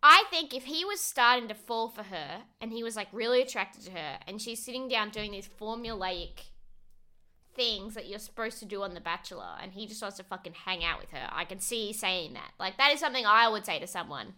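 A woman co-hosting a casual podcast, her voice very bright and ringing. She talks in an animated way and swears freely, slipping into little acted-out voices for the people she describes. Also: medium pitch, fairly quick. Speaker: podcast co-host. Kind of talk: casual chat recapping a reality show.

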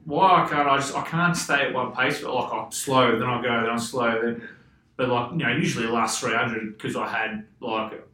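An Australian man rambles through stories in a relaxed chat, swearing and laughing as he goes. His voice is very bright and forward, and it bounces around an echoey room. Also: medium pitch, normal speed. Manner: swears freely, laughs a lot, loose rambling anecdotes. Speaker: podcast guest, former footballer. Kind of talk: casual chat, storytelling.

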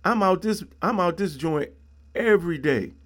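A man's voice: high-pitched, animated, moderate pace, a bit bright. Blunt, preachy middle-aged man. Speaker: podcast host. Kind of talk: ranting solo podcast monologue.

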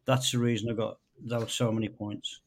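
A man's voice: mid-range voice, level tone, normal speed. Dry-teasing man on a podcast. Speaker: podcast guest. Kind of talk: casual chat.

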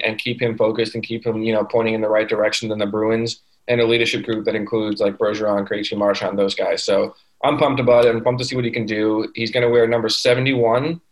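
A man's voice: medium pitch, poor audio. A man co-hosting a casual sports podcast, talking eagerly through the details with fillers. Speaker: podcast co-host.

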